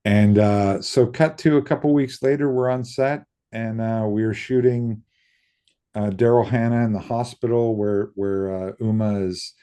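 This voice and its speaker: A man's voice: fairly low pitch, measured pace, smooth. A middle-aged man, a makeup effects artist, telling stories in a casual interview and acting out other people's lines, with some swearing. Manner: lively storyteller who acts out quoted voices, casual swearing. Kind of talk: casual anecdotal interview storytelling.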